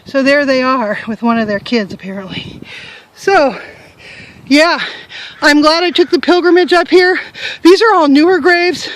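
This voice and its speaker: A chatty older woman with a high voice vlogs from outside on a handheld camera. She talks casually and pokes fun at herself as she goes. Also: measured pace, rough recording. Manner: chatty, self-mocking, joking. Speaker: travel vlogger. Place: outdoors in a hillside cemetery.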